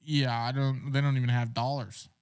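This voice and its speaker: A man co-hosting a casual podcast, making deadpan jokes. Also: medium pitch, moderate pace, smooth. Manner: joking, deadpan quips. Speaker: podcast co-host. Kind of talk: casual chat.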